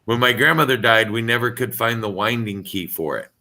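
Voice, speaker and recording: A man on a video call telling a personal story in a halting, casual way, often repeating words as he starts. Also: medium pitch, pushed and bright. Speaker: caller sharing a story.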